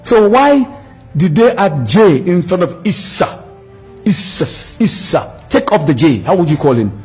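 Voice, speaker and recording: Raspy guy preaching, voice sits a bit high and swings all over, acts out the back-and-forth, faint music underneath. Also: moderate pace. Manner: animated, acts out both sides of the exchange; emphatic, repeats words for effect. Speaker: Islamic preacher. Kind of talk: preaching talk retelling a debate.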